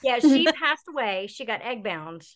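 A woman's voice: a little high, very animated, measured pace. A woman chatting as a podcast guest, telling long stories in a chatty way. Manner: chatty storyteller. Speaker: podcast guest, bird owner. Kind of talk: casual podcast chat.

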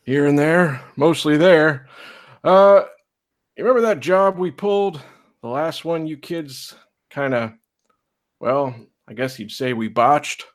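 A man playing a gruff old marshal. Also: a little high, slow pace, voice pushed up. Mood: folksy.

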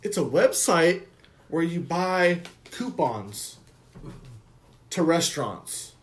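A man's voice: on the high side, animated, slow, a little hiss or hum. A young man telling a dry, wry story in casual chat, stretching out key words. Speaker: podcast co-host.

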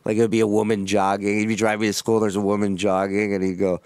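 A man's voice: lowish voice, quick pace, smooth, no echo. A young adult man, a podcast guest, telling stories in casual, joking chat. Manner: animated, joking storyteller.

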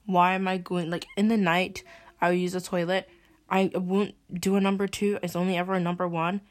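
A woman's voice: fairly low pitch, level tone, normal speed. A young woman, venting and swearing as she hosts a podcast. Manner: exasperated ranting, swearing. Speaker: podcast host. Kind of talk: venting monologue.

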